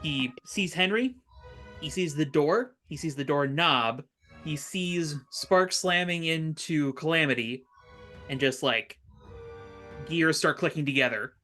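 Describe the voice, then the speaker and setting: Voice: medium pitch, unhurried, bright, forceful tone, faint music behind. A player in a tabletop role-playing game who talks keenly and lays out plans step by step. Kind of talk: casual tabletop game play.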